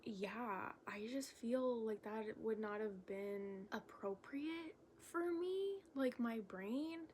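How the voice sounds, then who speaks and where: A young woman making a casual vlog, talking in a halting, candid way with lots of fillers and self-corrections. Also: on the high side, lively intonation, darkish tone, slight background noise. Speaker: vlogger. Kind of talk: rambling stream-of-consciousness vlog.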